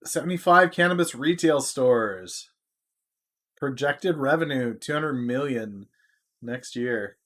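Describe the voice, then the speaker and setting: Male live-stream host, casual, loose, talks to chat, average pitch. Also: expressive, takes it slowly, fairly bright tone. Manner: rambling, answers chat, restarts often. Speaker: stock market streamer.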